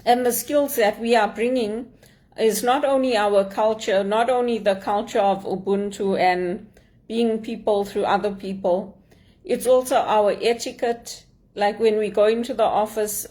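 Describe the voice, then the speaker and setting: A middle-aged woman from Zimbabwe with a Zimbabwean accent, giving an earnest, measured motivational talk as a speaker and mentor. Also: medium pitch, fairly even intonation, darkish tone.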